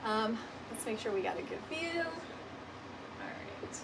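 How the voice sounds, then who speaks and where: A woman's voice: fairly high pitch, lively intonation, a little slow. A woman hosting a casual craft livestream from home, a little out of breath, chatty and greeting viewers by name. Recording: distant mic with clear background noise. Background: dog barking.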